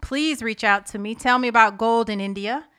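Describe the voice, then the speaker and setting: A woman hosts a podcast in a relaxed, chatty way, warmly pleading with listeners to rate and comment. Her voice sits a little high and sounds bright and forceful, with a smooth, crisp clarity. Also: moderate pace. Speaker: podcast host. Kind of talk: casual podcast chat.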